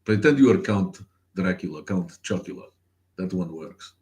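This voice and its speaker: A man with a fairly low voice hosts a casual chat show. His talk is sarcastic and full of swearing, and he laughs a lot. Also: lively intonation, moderate pace, darkish tone. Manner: profane, sarcastic, laughs often. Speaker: podcast host.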